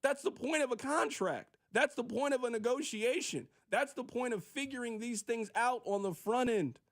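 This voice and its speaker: A man hosting sports radio, delivering an emphatic, preachy opinion monologue and briefly acting out quick voices, on a studio microphone. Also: extremely high pitch, a bit bright.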